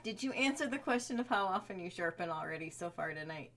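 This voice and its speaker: A playful woman reads viewer questions aloud and jokes along with the host. Her voice moves a lot in pitch. There is a faint hiss in the background. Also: lively intonation, quick pace, a bit bright. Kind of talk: casual live-stream Q&A.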